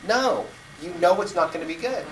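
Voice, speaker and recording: A man in his fifties giving a storytelling speech to his club, slow and vivid with deliberate pauses. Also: mid-range voice, expressive, a little hiss or hum. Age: 50s. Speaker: club speaker. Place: meeting room. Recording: echoey room, distant mic.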